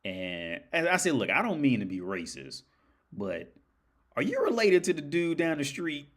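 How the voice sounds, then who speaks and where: A man's voice: fairly high pitch, wildly swooping pitch, moderate pace, a loud crowd. A man hosting a livestream, telling rambling stories in a casual, profane way and laughing often, tired. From United States. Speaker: livestream host. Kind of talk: casual storytelling monologue.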